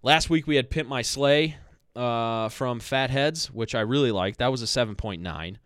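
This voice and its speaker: A man hosting a podcast in relaxed, rambling chat. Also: medium pitch, normal speed, clear, resonant tone, no echo, clean studio sound. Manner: relaxed, rambling, with fillers and self-corrections. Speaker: podcast host.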